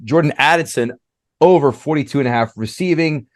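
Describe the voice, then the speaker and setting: A man's voice: a little high, brisk, dry recording, studio quality. A man co-hosting a comedy sports betting podcast, reading a long list of bets and joking, a bit tongue-tied. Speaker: podcast co-host. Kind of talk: casual sports betting chat.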